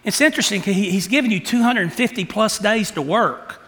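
A man preaching a sermon, asking the congregation rhetorical questions and acting out quotes with animated delivery. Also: sits high, brisk, long reverb tail. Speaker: pastor.

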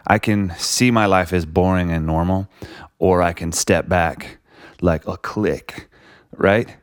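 A man's voice: deep voice, fairly even intonation, slow, clear, resonant tone, no room sound, clean studio sound. A man talking reflectively in a casual conversation, rambling with lots of "like" and "you know". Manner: reflective, rambling, many likes and you knows.

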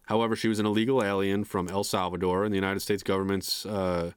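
Laid-back low-voiced man. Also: flat delivery, fast, smooth, no room sound, studio quality. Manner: laid-back, reads notes aloud. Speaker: podcast co-host. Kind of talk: casual chat.

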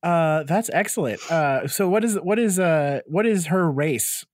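Game master voice, mid pitch, chirpy questions, dry close mic. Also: lively intonation, unhurried, no echo. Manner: upbeat, prompting questions, laughs often. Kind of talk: casual chat hosting a game session.

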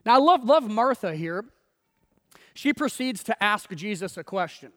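A man's voice: sits high, animated, normal speed, a bit bright, big-room sound. A man preaching a sermon in a conversational way, acting out quoted voices and laughing often. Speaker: pastor.

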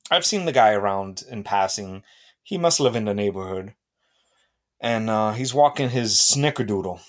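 A man hosting a podcast, telling a story in a profane, ranting and sarcastic way. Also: medium pitch. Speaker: podcast host. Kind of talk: comedic storytelling monologue.

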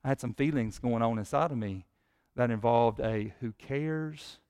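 A man preaching a sermon as pastor, his voice swelling louder and higher when he prays. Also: moderate pace, smooth.

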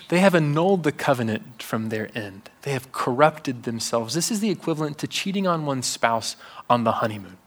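A man preaching a sermon in a church, animated and wry, with sudden hushed drops. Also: medium pitch.

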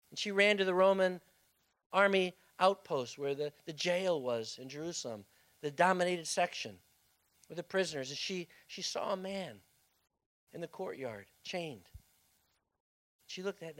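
A male pastor preaching a sermon as dramatic storytelling, swinging from loud bursts to hushed tones. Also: high-pitched, lively intonation, normal speed, long pauses.

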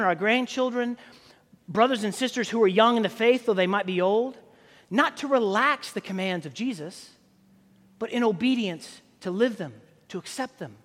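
A man preaching a sermon as pastor, telling stories in a relaxed, conversational way with frequent fillers and restarts. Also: high-pitched, big-room sound.

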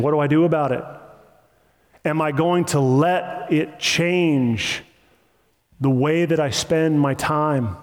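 A man preaching an impassioned sermon with emphatic repetition, recorded in a church sanctuary. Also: medium pitch. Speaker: pastor. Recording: long hall reverb.

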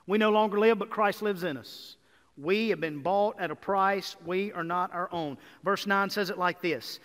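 High-voiced pastor preaching in a reverberant hall. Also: male voice, moderate pace. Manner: energetic, rising to emphatic repeated lists. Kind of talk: sermon. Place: church sanctuary.

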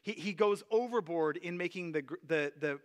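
A man's voice: on the high side, moderate pace. A man, a pastor, preaching a sermon in an earnest, conversational way, with frequent fillers and restarts.

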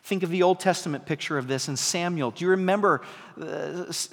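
A pastor preaching a sermon in a conversational style, asking the congregation questions and building to emphatic peaks. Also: male voice, sits high, brisk. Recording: long hall reverb.

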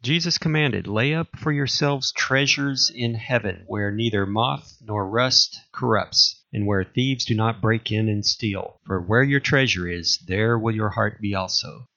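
A man preaching, reading a long series of scripture commands aloud in a measured, solemn way. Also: lowish voice, sharp tone. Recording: dull lo-fi recording.

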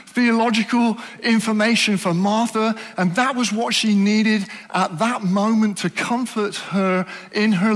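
A man preaching a sermon in a church, earnest and questioning, often dropping to soft, slow emphasis. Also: high voice, big-room sound.

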